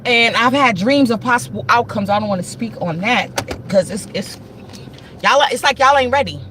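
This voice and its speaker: A woman's voice: fairly high pitch, normal speed, pushed and bright, slight background noise. Emphatic woman talking to her viewers. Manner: emphatic, repetitive, addresses viewers directly. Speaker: livestream host. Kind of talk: casual spiritual livestream talk.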